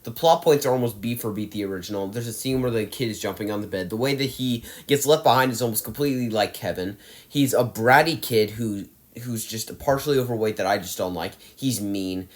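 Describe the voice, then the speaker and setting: A man's voice: lowish voice, brisk. Exasperated young man ranking movies. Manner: emphatic, exasperated ranting with sighs. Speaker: movie reviewer. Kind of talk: casual ranking monologue.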